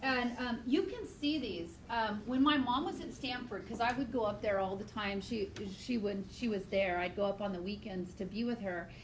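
A woman biology teacher lecturing her class in a chatty, animated way, mixing lessons with personal stories. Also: a little high, moderate pace, few pauses, slight background noise. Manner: chatty, animated storytelling, talks to students directly. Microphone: iPad screencast recording.

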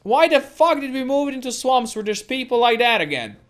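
A woman's voice: sits high, very animated, fairly quick. A woman giving let's play commentary as a gameplay streamer, swearing constantly and ranting at the game.

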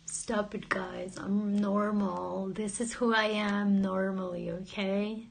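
Giggly woman with a gravelly husky voice. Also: medium pitch, little pitch movement, slow. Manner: playful, giggly, jokey, reads viewer comments aloud. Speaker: livestream host. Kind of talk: casual livestream chat.

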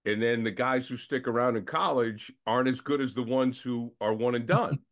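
A man with a Boston accent hosting a sports podcast, chatty and quick to ask questions. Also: mid-range voice, fairly even intonation. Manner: chatty, asks questions, laughs while talking. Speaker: podcast host. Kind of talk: casual sports talk.

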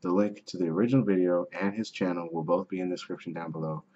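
A man's voice: low voice, fairly even intonation, fast talker, darkish tone, muffled recording. A man hosting a reaction video, wrapping up casually and stumbling over a name.

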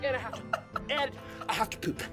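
A man's voice: very high voice, a little fast, loud music behind the voice. A man in a vlog clip complaining in a whiny voice, out of breath. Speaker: vlogger in a played clip. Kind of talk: casual vlog talk.

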